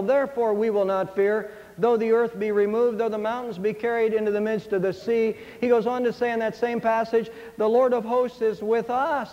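A man with a high voice preaches earnestly, leaning on each line of scripture with emphasis. The recording is dull and lo-fi, with a long reverberant tail from a large hall. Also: a little mellow. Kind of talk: sermon with a told fable.

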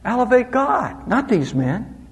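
A man preaching an expository sermon, with lively, rising and falling emphasis. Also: very high-pitched, slow pace, in a large hall. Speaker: pastor.

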